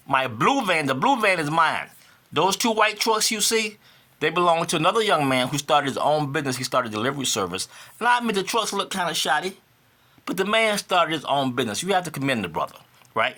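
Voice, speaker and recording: Animated man in his fifties, bright-voiced. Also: medium pitch. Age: 50s. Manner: animated, repeats himself for emphasis; rising to indignant outbursts. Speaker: vlogger. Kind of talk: casual vlog monologue.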